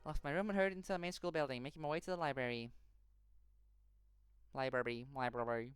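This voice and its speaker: A woman streamer reading a visual novel aloud, quick and expressive, reacting emotionally along the way. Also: low voice. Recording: game music behind.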